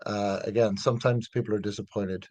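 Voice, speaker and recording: A man's voice: fairly low pitch, steady tone, a little fast, a little mellow, dry recording. A middle-aged man with a Northern Irish accent, a comedian chatting casually as an interview guest, rambling with many fillers and restarts. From north of Ireland.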